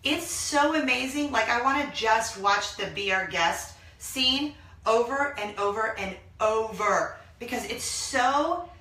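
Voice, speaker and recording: A woman in her thirties hosting a casual vlog from a small laundry room, talking excitedly and gushing to her viewers. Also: on the high side, slow. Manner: gushing, excitable, bursts into song. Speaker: vlog host. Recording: echoey small room, mic at a distance.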